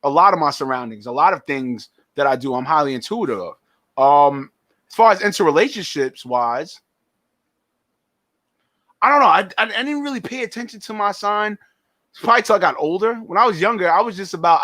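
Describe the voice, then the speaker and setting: Halting young man, bright dry voice. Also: high-pitched, expressive, dry recording. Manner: halting, repeats words while thinking. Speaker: podcast host. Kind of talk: casual podcast chat.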